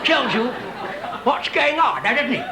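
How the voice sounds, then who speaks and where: A pompous, squeaky English gent. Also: male voice, lively intonation, slow pace, echoey room, crowd noise, heavily acted. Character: tipsy pompous English gentleman at a club.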